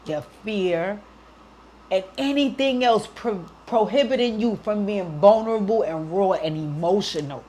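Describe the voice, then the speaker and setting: A woman's voice: medium pitch, unhurried, darkish tone, slight background noise. Woman host, heartfelt advice, emotional and earnest, mid-range voice. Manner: emotional, earnest, near tears, frequent "right?". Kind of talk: heartfelt advice talk to a listener.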